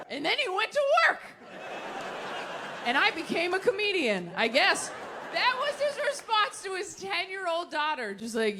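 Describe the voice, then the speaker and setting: Woman stand-up, 30s, sarcastic and quick, live stage mic with crowd noise. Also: extremely high pitch, sing-song. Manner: quick, sarcastic, laughing asides. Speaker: stand-up comedian. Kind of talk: stand-up comedy with crowd work. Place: large theater with audience. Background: audience laughter.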